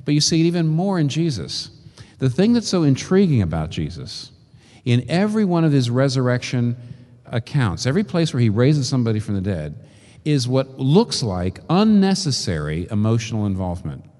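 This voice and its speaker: Preaching man in a reverberant hall. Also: mid-range voice. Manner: expressive preaching with rhetorical questions and slow emphatic lists. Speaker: pastor. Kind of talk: sermon. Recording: long reverb of a large hall.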